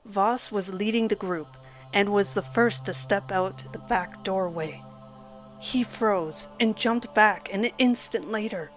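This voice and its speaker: Woman narrating a horror story. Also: mid-range voice. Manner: dramatic, measured storytelling. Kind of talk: scripted first-person narration. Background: soft background music.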